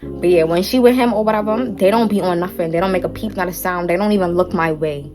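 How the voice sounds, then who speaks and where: Young woman vlogger, lowish voice, sassy story-time delivery, faint music behind. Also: brisk. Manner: animated, sassy storytelling with slang.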